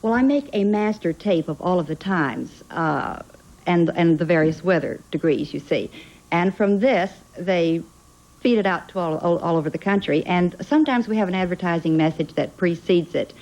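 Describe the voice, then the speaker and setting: Soft-spoken Southern woman, lowish voice. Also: moderate pace, muffled recording. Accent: Southern American. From Southern United States. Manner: pleasant, soft-spoken, folksy. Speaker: guest, recorded-time voice. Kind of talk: game show guest chat.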